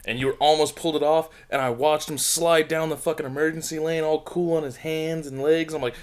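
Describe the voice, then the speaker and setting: A man in casual podcast chat, retelling a friend's crash with excitement, swearing and laughter. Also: on the high side, a little fast. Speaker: podcast co-host.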